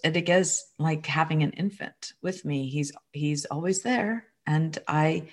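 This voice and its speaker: Earnest low-voiced woman coach. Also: creaky. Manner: earnest, confiding, addresses listeners as friends. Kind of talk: personal storytelling monologue.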